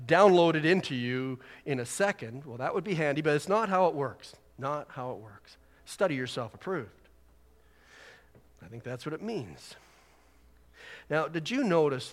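A man delivering a sermon in a slightly higher voice, easygoing and conversational, then pressing his points hard. His words ring out with a long reverb through the hall. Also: a bit bright. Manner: conversational, rising to emphatic exhortation. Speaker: pastor.

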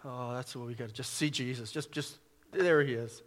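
A man preaching a sermon in short, emphatic phrases, swelling loud and dropping soft as he reads scripture. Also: medium pitch, normal speed, big-room sound.

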